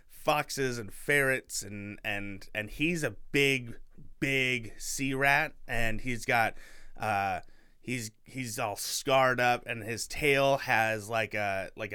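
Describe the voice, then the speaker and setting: A young man talks through a story in a relaxed podcast chat, full of fillers and restarts. His voice is bright and forward, clean and resonant. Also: medium pitch, smooth. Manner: rambling, filler-heavy storytelling. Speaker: podcast co-host. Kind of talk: casual chat, retelling a book.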